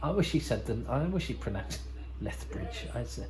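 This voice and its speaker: A man's voice: mid-range voice, sing-song, fast, crowd noise, low-quality recording. A man hosting a podcast, giving casual, rambling commentary over a TV episode with wry asides and frequent self-corrections. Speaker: podcast host.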